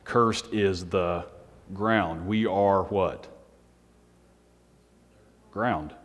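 Low-voiced man preaching in a reverberant hall. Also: drawn-out words. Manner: self-described monotone, joking asides with the congregation. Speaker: pastor. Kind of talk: sermon. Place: church hall on a Sunday night.

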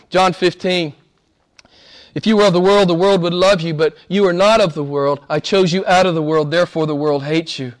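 Male pastor, sermon, fairly high voice, punchy emphasis, drops to a hush for effect. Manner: emphatic, swinging from loud stresses to near-whispers; conversational, addresses listeners directly.

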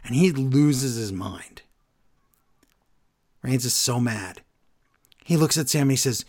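A man co-hosting a casual talk show, recapping events in an animated way and acting out the quotes he retells. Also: slow pace, pauses often. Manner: animated, acts out quotes with shifting pitch and loudness. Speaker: podcast co-host recapping wrestling. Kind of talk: casual chat.

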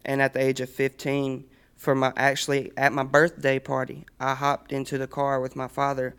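A man's voice: medium pitch, monotone, normal speed, creaky, a bit bright, clear, resonant tone. A young man telling his personal faith testimony earnestly in a casual chat, often laughing as he speaks. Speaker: guest sharing testimony.

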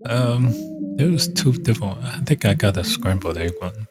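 A man hosting a show, rambling casually and thinking aloud with halting restarts. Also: lowish voice. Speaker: show host. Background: music playing.

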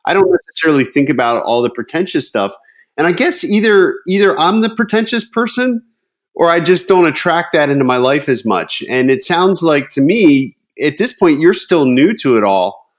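A man's voice: a little high, big pitch swings, moderate pace. Conversational male podcast host. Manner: conversational, with restarts and "I mean". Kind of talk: casual podcast interview.

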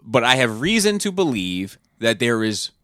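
A man's voice: mid-range voice, big pitch swings, normal speed, pushed and bright, no room sound, clean studio sound. A man hosting a podcast in casual chat, rambling and profane as he retells scenes. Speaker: podcast host.

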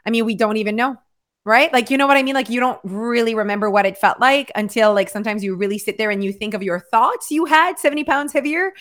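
A woman hosting a casual chat about weight loss and sleep, talking fast with lots of "like". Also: fairly high pitch, fairly bright tone. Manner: chatty, lots of filler "like". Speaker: host.

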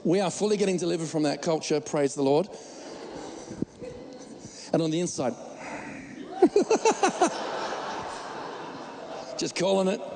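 A man's voice: on the high side, fairly quick, gravelly, pauses often, big-room sound, noisy background. A man preaching a sermon as pastor, emphatic and joking, often restarting his words.

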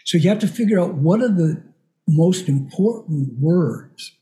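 Older male voice coach, mellow tone. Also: on the high side, animated, unhurried. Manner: explains patiently with spoken examples. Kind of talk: casual podcast conversation.

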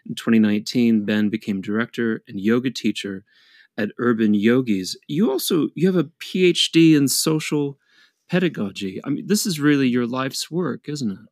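A man co-hosting a podcast in casual chat, teasing the guest with a deadpan joking manner. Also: medium pitch, moderate pace, dry recording, studio quality. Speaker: podcast co-host.

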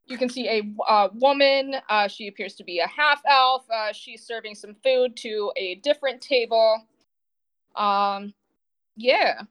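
A woman's voice: fairly high pitch, a little slow, fairly bright tone, clean tone. A woman narrating a tabletop game as game master, talking casually and hesitantly with many fillers.

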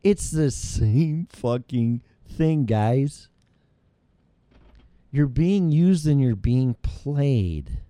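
A man's voice: mid-range voice, sing-song, drawn-out words, dark tone, dry recording. Heated, profane man ranting. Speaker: show host. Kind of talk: ranting monologue.

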